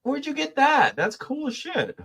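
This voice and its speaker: A young man hosting a casual chat, animated and stammering, quick to laugh. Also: extremely high pitch, gravelly. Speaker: podcast host.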